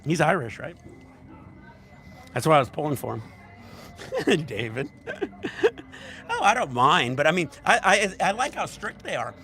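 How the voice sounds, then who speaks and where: A man's voice: fairly high pitch, big pitch swings, normal speed, long pauses, sharp tone. A man hosting a casual livestream, telling rambling, profane stories at a resort bar. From United States. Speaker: livestream host.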